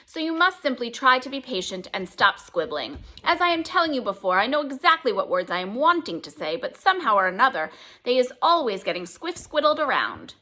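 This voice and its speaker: A woman voicing a huge, kindly old male giant who booms and mangles his words cheerfully, reading a children's book aloud. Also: big pitch swings, brisk, bright, forceful tone, exaggerated voice. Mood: wistful, delighted.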